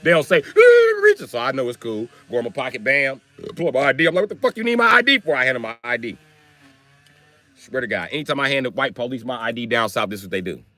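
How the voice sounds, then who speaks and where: With a medium-pitched voice and a quick pace, a young man from Wisconsin tells a crude story to his livestream audience. He speaks in a Wisconsin accent and breaks into loud, theatrical renditions of every quote.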